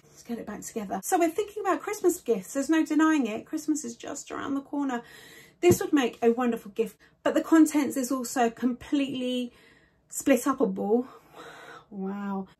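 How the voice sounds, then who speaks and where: A woman talks fast and bubbly through a beauty box review, slightly out of breath. Her voice sits a little high and carries a soft husky edge. She gushes over each product like she's chatting with friends. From United Kingdom. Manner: bubbly, rushed and enthusiastic. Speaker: beauty vlogger.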